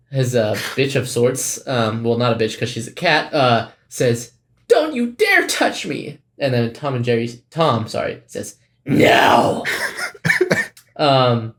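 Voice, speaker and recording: A man's voice: medium pitch, fairly even intonation, slow pace. A man co-hosting a podcast in casual chat, rambling and hesitant with lots of fillers and restarts. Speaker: podcast co-host.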